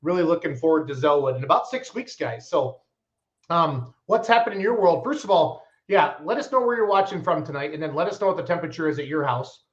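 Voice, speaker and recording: A man's voice: fairly high pitch, brisk. A man hosting a live stream from his home, chatty and upbeat as he reads out viewer comments. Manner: upbeat, chatty, lively promoter. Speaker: host of a live pulling show stream. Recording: dull lo-fi stream audio.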